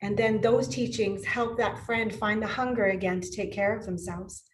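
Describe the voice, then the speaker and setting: A woman's voice: medium pitch, fairly even intonation, moderate pace, slight background noise, poor audio. A woman in her fifties who owns a yoga studio, telling personal stories in an interview with emotional, effusive energy and frequent laughter. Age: 50s. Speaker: yoga studio owner and teacher. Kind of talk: podcast interview.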